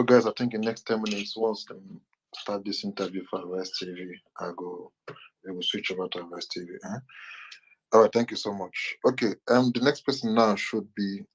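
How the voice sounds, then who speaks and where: A man hosting an online talk show, thanking speakers and calmly handing over to the next one. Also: lowish voice, brisk, a little hiss or hum, low-quality recording. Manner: relaxed, thanks speakers and hands over turns. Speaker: host.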